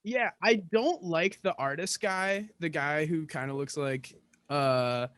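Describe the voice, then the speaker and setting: A man's voice: a little high, slow, fairly bright tone, no room sound, studio quality. A man in his twenties co-hosting a casual podcast chat, rambling through amused opinions. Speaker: podcast co-host.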